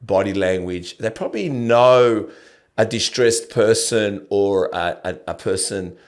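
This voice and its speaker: A man hosting a podcast who chats casually in a rambling, reflective way, often halting and restarting his sentences. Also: on the low side. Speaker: podcast host. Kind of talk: casual conversational interview.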